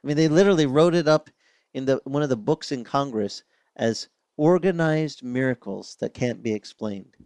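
An older man preaching a sermon as pastor, telling stories with lively acted-out voices. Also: mid-range voice, moderate pace, no room sound. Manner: animated storytelling, acting out voices of others.

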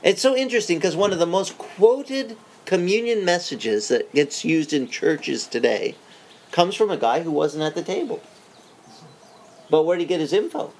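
A man preaching a sermon, telling the story in a lively, joking way, with frequent restarts. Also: high-pitched, moderate pace, low-quality recording. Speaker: pastor.

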